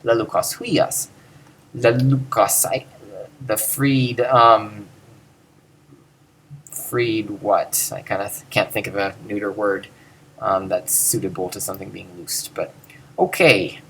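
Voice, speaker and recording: Slow, musing man teaching grammar. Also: lowish voice, fairly even intonation, a bit bright, slightly rough. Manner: thinking aloud, many fillers and self-corrections, slow drawn-out pronunciations. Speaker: teacher explaining Greek grammar. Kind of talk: informal recorded lecture.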